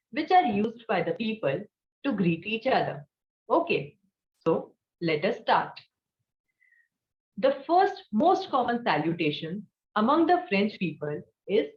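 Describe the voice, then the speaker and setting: A woman teaching a French lesson, who patiently asks learners to repeat words after her. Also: a little high. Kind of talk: language lesson. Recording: echoey room, dull lo-fi sound.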